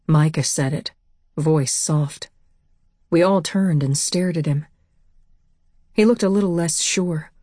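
A woman narrating a first-person audiobook in a steady, measured way on a close mic. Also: low-pitched, no room sound.

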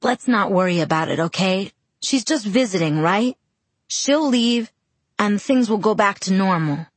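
A woman voicing a calm teenage boy who talks in a quiet, gruff way. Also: medium pitch, unhurried, no echo. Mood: soothing.

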